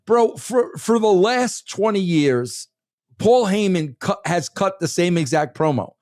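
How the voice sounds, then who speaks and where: Emphatic rambling man, bright and dry. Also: sits high, animated, measured pace, dry recording. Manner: emphatic, rambling, says "bro" constantly. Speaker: former wrestling head writer, guest. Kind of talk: casual podcast interview.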